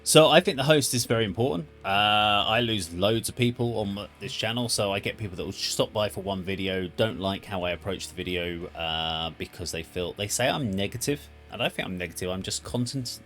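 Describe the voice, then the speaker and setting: A man's voice: on the low side, fairly quick, few pauses, a bit bright. A man who hosts a music reaction channel, talking in a thoughtful, rambling way and often correcting himself. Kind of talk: casual spoken commentary.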